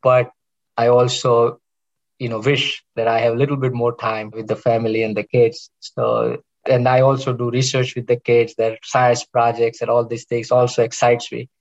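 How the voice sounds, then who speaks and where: Gravelly middle-aged man telling stories. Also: mid-range voice, level tone, normal speed, muffled recording. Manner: rambling, warm storytelling with restarts. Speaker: interventional cardiologist guest. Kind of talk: casual interview chat.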